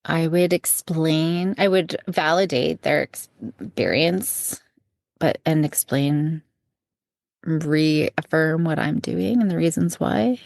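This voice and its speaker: A woman's voice: deep voice, takes it slowly, creaky, a little mellow, no room sound, clean studio sound. A woman co-hosting a podcast, talking casually and self-deprecatingly. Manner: self-deprecating, plain-spoken. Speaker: podcast co-host. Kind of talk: casual chat.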